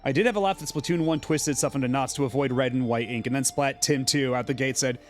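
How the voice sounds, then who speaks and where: A man's voice: medium pitch, fast, faint music behind. A man streaming a video game, chatting casually in a rambling way with many fillers. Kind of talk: casual gameplay commentary.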